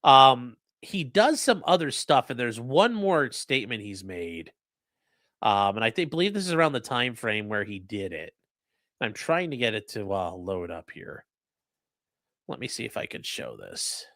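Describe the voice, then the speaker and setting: A man's voice: medium pitch, very animated, measured pace, fairly bright tone, dry recording, clean studio sound. A man hosting a casual livestream, talking bluntly with profane, mocking asides. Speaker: livestream host and lawyer.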